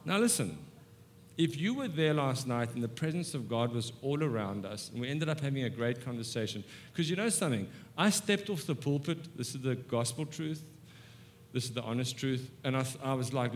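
A man in his fifties preaching a humorous sermon with stories, animated and self-mocking, moving between soft asides and excited bursts. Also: mid-range voice, moderate pace, a little hiss or hum. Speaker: guest preacher. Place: church sanctuary.

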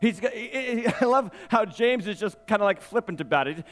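High-voiced, emphatic male preacher. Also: moderate pace, long reverb tail. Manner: animated, emphatic, laughs often, repeats phrases. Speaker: pastor. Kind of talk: sermon.

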